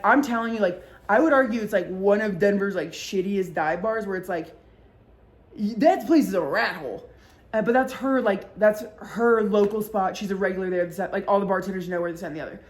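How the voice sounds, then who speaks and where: Woman vlogger, casual storytime, swears a lot, rambling with fillers, mid-pitched voice, acts out quoted voices. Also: brisk.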